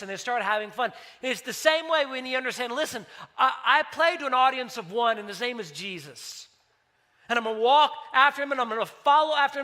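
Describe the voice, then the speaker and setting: Bright high-voiced male pastor. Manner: conversational, storytelling with acted dialogue. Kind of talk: sermon.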